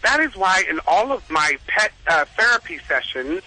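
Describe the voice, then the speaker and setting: High bright-voiced man on the phone. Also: moderate pace, no echo, poor audio. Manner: animated storyteller, laughs often. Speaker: reverend and animal communicator guest. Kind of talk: phone-in radio chat.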